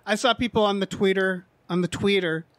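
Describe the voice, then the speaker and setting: A man's voice: sits high, fairly even intonation, brisk, a bit bright, no room sound. A man co-hosting a podcast, chatting casually about film trailers in a rambling, jokey way with some swearing. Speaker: podcast co-host.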